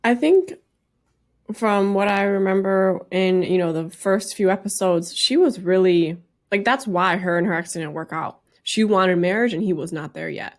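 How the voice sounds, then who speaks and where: A woman's voice: medium pitch, moderate pace. A woman co-hosting a casual podcast chat, recapping a show and acting out what people said. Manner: animated, acts out people's lines. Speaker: podcast co-host.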